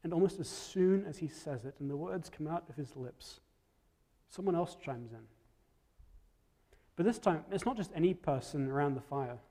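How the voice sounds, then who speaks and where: A man preaching a storytelling sermon, reflective, dropping to soft tones at key moments. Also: a little high, expressive, moderate pace, pauses often, long reverb tail.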